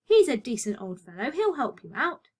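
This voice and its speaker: Storybook role: a bright, chirpy young writer, high and lively, reassuring, played by a woman. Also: normal speed, husky. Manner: cheerful, reassuring. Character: cheerful optimistic young male writer.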